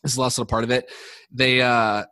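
Fast-talking man telling a rambling story. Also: medium pitch, little pitch movement, bright, forceful tone, dry recording. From United States. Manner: rambling, swears freely, many fillers and restarts. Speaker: podcast guest. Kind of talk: casual podcast storytelling.

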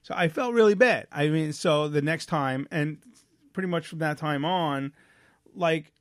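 A man's voice: fairly high pitch, unhurried, dry recording, clean studio sound. A man co-hosting a casual podcast chat about family life, telling stories bluntly with lots of restarts and casual swearing. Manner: rambling storyteller with many restarts and fillers. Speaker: podcast co-host; father of young children.

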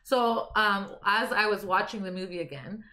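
A woman's voice: medium pitch, moderate pace, pushed and bright. A young woman co-hosting a podcast in casual chat, reading off her own notes. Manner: chatty, reads from her notes. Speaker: podcast co-host.

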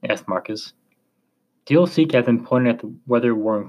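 A man narrating a chapter of a story in a slow, measured reading voice. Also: medium pitch, fairly even intonation, low-quality recording.

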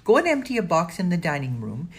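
A woman reading aloud plays a clever, cautious girl who leads the others with measured, earnest speech. Her low, husky voice barely lifts for the part, and the pitch moves widely. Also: wildly swooping pitch, heavily acted.

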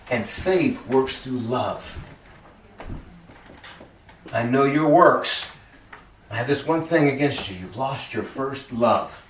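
Animated preacher man in an echoey room. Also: mid-range voice, slow pace, long pauses, far from the mic, slight background noise. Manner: animated and conversational, joking, acting out quotes. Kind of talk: sermon.

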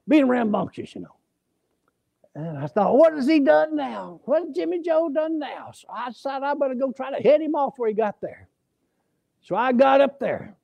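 A man preaching, his voice pitched very high with a gravelly edge. He tells his stories in a folksy, animated way, taking on the voices of the people in them. The sound is dry and close, with little room echo. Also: dull audio. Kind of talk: sermon with storytelling. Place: church.

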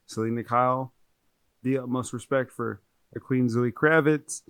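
A man's voice: medium pitch, steady tone, unhurried, a bit bright, smooth, no room sound. Male podcast co-host, casual and rambling, dry close sound. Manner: chatty, rambling, self-correcting. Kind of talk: casual movie-review chat.

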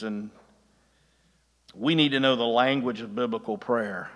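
Male preacher, conversational sermon delivery, slightly high voice, long hall reverb. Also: a bit bright. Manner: conversational, chuckling asides, many restarts. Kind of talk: sermon with anecdotes.

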